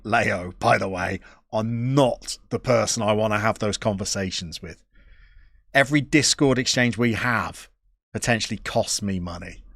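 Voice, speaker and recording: Gravelly, slow-talking man streaming. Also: mid-range voice, fairly bright tone, no room sound, studio quality. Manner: chatty, self-deprecating and quick to giggle. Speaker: Football Manager streamer. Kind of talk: casual live-stream chat reading viewer messages.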